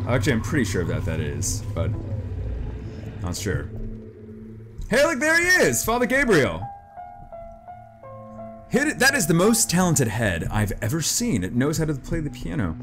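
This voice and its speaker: A man doing let's play commentary on a horror game, jumpy and excitable, piling up repeated exclamations. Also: medium pitch, moderate pace, faint music behind. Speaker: gameplay commentator.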